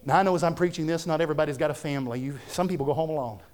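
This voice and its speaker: A man's voice: fairly high pitch, very fast, a little mellow. A man, a pastor preaching a fervent, conversational sermon full of repetitions.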